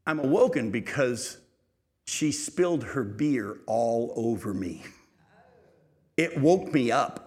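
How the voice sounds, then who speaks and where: A middle-aged male preacher telling a lively, humorous story from the pulpit, often laughing as he goes. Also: mid-range voice. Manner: animated storytelling, laughing at his own story. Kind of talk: sermon storytelling.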